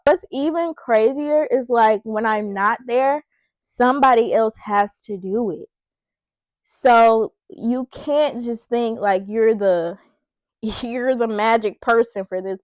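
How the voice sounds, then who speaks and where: A woman's voice: fairly high pitch, slow pace, darkish tone, dry recording. A young woman vlogger chatting casually and reflecting on herself, using casual slang and sounding slightly out of breath. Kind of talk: casual chat while styling her hair.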